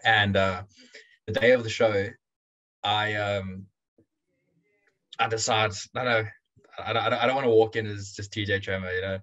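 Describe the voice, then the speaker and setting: Young male wrestler, low, easygoing. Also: measured pace, long pauses, muffled recording. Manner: relaxed, rambling with many restarts and laughs. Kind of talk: casual interview chat.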